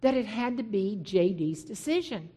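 A woman's voice: medium pitch, sing-song, moderate pace, dark tone, slightly rough. A middle-aged woman minister shares her personal testimony from the pulpit. She tells the story with animation and acts out the back-and-forth of remembered conversations. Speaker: Christian minister.

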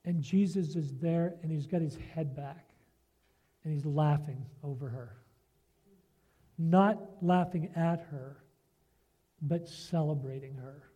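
A male preacher with a fairly high but mellow voice delivers a sermon at a slow, unhurried pace. He talks earnestly and keeps checking in with his listeners through rhetorical questions. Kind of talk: sermon with a story and scripture reading.

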